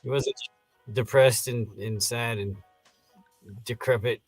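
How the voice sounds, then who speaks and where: Male co-host, average pitch, easygoing commentary; dry, close sound with faint music. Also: fairly even intonation, takes it slowly, dry recording. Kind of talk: casual movie review chat.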